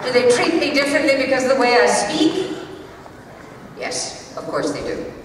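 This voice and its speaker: A woman in her sixties answering fan questions on a convention panel, with a theatrical, emphatic and measured delivery. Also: on the high side, big pitch swings. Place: large convention hall with audience. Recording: distant, echoey hall recording with crowd noise.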